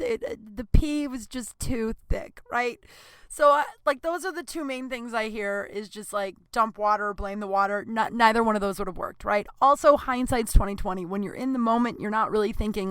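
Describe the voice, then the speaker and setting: A woman's voice: fairly high pitch, bright, forceful tone, no room sound. Profane, candid woman host with a dry sound. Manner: candid, profane, self-mocking, many fillers. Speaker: podcast host and comedian. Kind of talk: casual storytelling monologue. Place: small warm room. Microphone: computer recording.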